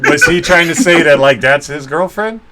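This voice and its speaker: A man hosting a casual streamed podcast, telling animated stories, swearing freely and laughing often. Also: fairly high pitch, moderate pace, crowd noise. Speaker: podcast host. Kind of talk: casual livestream podcast chat.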